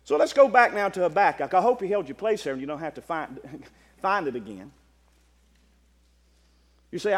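In a hall with a long echo, a Baptist preacher with a high voice speaks at normal speed in a sing-song way, leaving long pauses. He builds from soft asides to loud exclamations, his pitch ranging widely.

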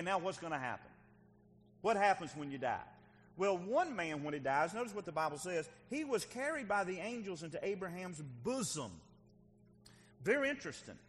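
A man preaching a sermon in an earnest style, swinging from loud emphasis to hushed intensity and often repeating his words. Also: sits high, big-room sound. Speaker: pastor.

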